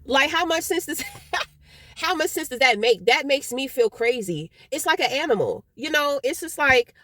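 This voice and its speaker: A woman giving a casual tarot reading, talking bluntly and with plenty of swearing as she tells stories with animated energy. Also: high-pitched, moderate pace, dry recording. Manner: blunt and profane, animated storytelling. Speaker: tarot reader.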